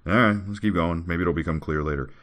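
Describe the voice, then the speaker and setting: A man's voice: low voice, fast, a bit bright. A podcast host, a man, reading scripture aloud and breaking off into wry joking asides in casual chat.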